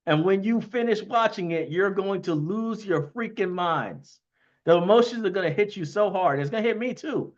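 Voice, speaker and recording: A man hosting a casual livestream, talking excitedly in quick bursts and often asking "you know what I mean". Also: sits high, dull audio. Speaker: livestream host thanking investors.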